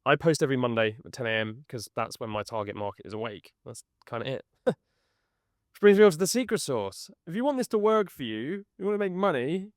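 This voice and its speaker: A man's voice: medium pitch, lively intonation, brisk, no room sound. Chatty man with a dry close sound. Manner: chatty, laughs at himself. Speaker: YouTube business coach. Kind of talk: casual spoken email recording.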